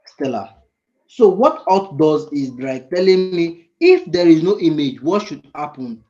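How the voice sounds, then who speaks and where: Slightly high-voiced man teaching code live. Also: big pitch swings, unhurried, dark tone, highs cut off. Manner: thinks aloud, often searching for words. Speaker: frontend coding mentor. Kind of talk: live screen-share coding lesson.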